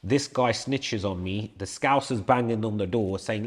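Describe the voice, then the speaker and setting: A man's voice: medium pitch, animated, moderate pace. A man, co-hosting a podcast and telling stories in a casual, blunt way, swearing freely and hammering his points with repetition. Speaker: podcast co-host. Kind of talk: casual storytelling chat.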